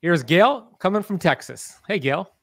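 A man hosting a live podcast interview, talking in an energetic, persuasive, rallying way. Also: high-pitched, unhurried, vocal fry, no room sound. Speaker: podcast host.

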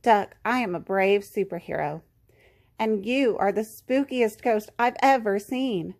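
A woman's voice: medium pitch, measured pace, a little mellow, close to an everyday voice. A woman voicing a timid male goose in a superhero cape, speaking nervously. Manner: nervous, anxious.

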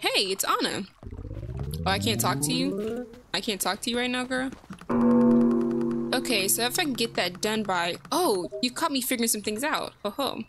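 A woman's voice: fairly high pitch, lively intonation, normal speed, long pauses, loud music behind the voice. A young woman giving casual let's play commentary, chatty and giggly, reacting aloud to the game.

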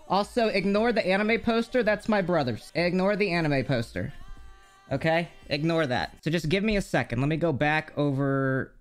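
A man streaming live from his home bedroom, chatting casually, excitable and swearing, quick to get frustrated. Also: a little high, soft background music. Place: home bedroom with a slanted wall. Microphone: streaming mic, moving off-camera at times.

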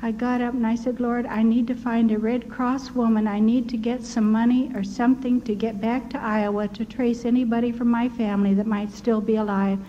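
An older woman giving her personal testimony as a story, quoting the people she met and laughing softly now and then. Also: a little high, little pitch movement, a little fast, few pauses. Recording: dull lo-fi recording with faint hiss.

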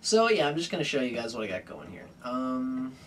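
A young man casually explaining a guitar song, relaxed and rambling with many fillers. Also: medium pitch, a little fast, distant mic. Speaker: guitar teacher. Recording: loud guitar over the voice.

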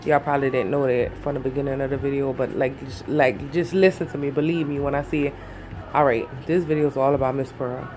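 A woman's voice: a bass voice, fairly even intonation, brisk, darkish tone, slight background noise. Woman vlogger with hiccups; loose, rambling, chatty delivery. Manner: chatty, rambling, calls viewers "baby". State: has the hiccups. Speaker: YouTuber. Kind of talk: casual vlog chat.

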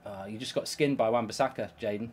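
Fast-talking and a little mellow, with a fairly low pitch, a man hosts video game commentary full of exasperation and frequent swearing. Slight hiss or hum can be heard.

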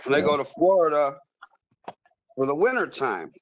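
A high-pitched man spins an animated, profane story in a casual chat. He restarts and repeats his words as he goes. The recording sounds somewhat dull and lo-fi. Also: normal speed. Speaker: guest pool player.

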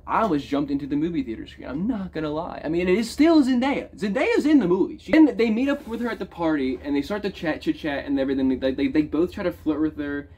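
A man rants about a film in a loose, animated way, his fairly high voice jumping up and getting loud when he is worked up. He swears freely and talks like he is chatting to friends. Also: quick pace, hardly any pauses, slightly rough. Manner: animated, swearing, big swings in pitch and loudness. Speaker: movie reviewer. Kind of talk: casual profane movie rant.

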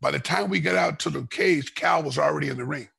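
A middle-aged man, a former fighter, telling a rambling story in a podcast interview and getting loud and heated as it goes. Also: a little high, fast, vocal fry, husky. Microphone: podcast microphone.

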